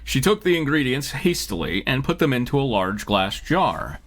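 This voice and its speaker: A man hosting a live show, reading fan fiction aloud with animated, chuckling narration. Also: mid-range voice, moderate pace, very noisy. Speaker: host and narrator.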